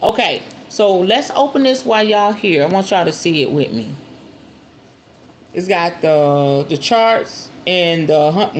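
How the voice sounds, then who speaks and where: A woman hosting her spiritual channel, chatting to viewers while she unboxes a purchase. She is animated and playful and often calls her viewers "y'all" and "honey.". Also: medium pitch, slight background noise. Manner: excitable storyteller, acts out shop talk.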